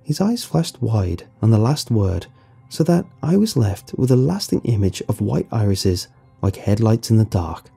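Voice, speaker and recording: Man, horror story narration, very dark tone, husky, lively pitch movement. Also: unhurried, faint music behind.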